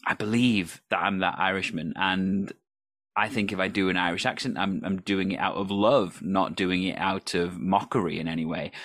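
A man's voice: on the low side, a bit bright, no echo, clean studio sound. A man, an improv performer, talking earnestly and enthusiastically in a conversational discussion. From United Kingdom. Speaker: improv performer and podcast co-host.

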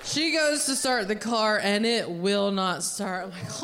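A woman stand-up comedian telling a story on a theater stage with an animated delivery, exclaiming her punchlines into a handheld mic. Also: mid-range voice, measured pace. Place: theater stage before a live audience.

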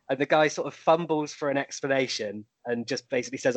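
A man telling a story on a chat panel, pausing often with ums as he builds to the punchline. His voice sits at an average pitch. The recording is dry and close. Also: steady tone, fairly bright tone, no echo. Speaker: panel guest. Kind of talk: casual anecdote telling.

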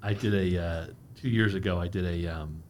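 Low-voiced easygoing man from Philly. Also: moderate pace, slight background noise. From Philadelphia. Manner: relaxed storyteller with many fillers and restarts. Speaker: podcast guest. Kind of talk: casual chat.

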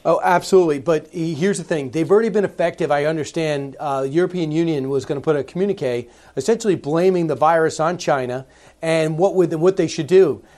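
A man's voice: fairly high pitch, fairly quick, a little mellow. A male radio host interviewing a guest, pressing his points with emphatic, pointed questions. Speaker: radio talk show host.

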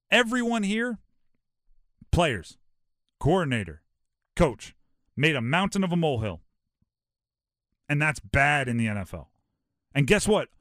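A man from Hawaii hosting a sports talk show, animated and rhetorical, often acting out quotes. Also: a little high, no echo, studio quality.

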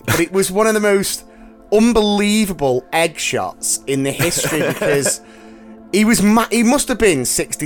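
A man hosting a podcast, telling stories in a lively, animated casual chat. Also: fairly high pitch. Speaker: podcast host.

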